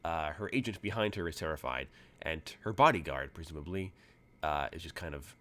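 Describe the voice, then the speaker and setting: Deep-voiced man narrating a tabletop game. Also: animated, a little fast, sharp tone. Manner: casual, full of fillers. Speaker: game master.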